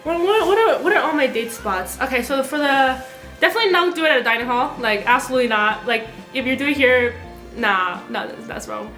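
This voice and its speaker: Young woman guest, high-pitched and bright, animated chatty storyteller, roomy sound. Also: fairly quick, soft background music. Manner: animated storytelling, giggly, lots of fillers. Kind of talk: casual chat.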